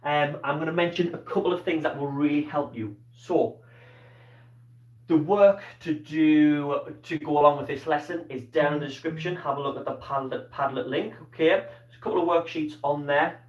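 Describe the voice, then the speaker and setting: A man teaching a live online lesson in an encouraging way, quizzing his pupils and cheering their answers. His voice sits fairly high. He is heard from a distance in an echoey room, with a muffled, dull tone. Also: moderate pace. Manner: encouraging, asks questions and praises pupils by name. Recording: roomy, distant, dull-toned sound.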